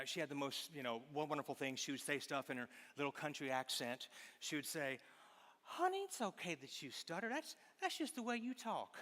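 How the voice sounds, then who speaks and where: Male stage magician and speaker, playful then reflective, bright tone, echoing auditorium. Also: on the high side. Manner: playful, teasing with a volunteer, then reflective storytelling. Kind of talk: live stage talk with magic. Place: large auditorium with audience. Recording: long hall reverb.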